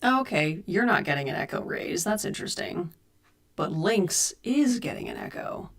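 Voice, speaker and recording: At a normal speed and medium pitch, with lively intonation, a female cosplay streamer chats from home with her viewers. She works through chat messages and audio problems, recorded on a USB microphone at her desk.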